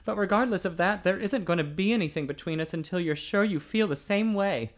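A man voicing an intense, earnest young man. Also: a little fast. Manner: urgent, pleading, higher and louder than the narration.

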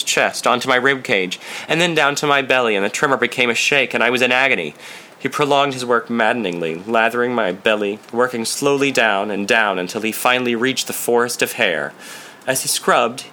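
A man narrating first-person fiction in a measured, steady reading style. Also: medium pitch. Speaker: audiobook narrator.

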